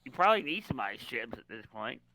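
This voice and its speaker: A man's voice: medium pitch, very animated, brisk. A man co-hosting a casual podcast chat, rambling with lots of fillers and restarts. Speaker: podcast co-host.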